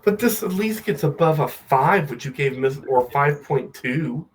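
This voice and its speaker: A man's voice: a little high, expressive, a little slow, low-quality recording. A man co-hosting a casual movie podcast, joking and teasing, with some profanity. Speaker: podcast co-host.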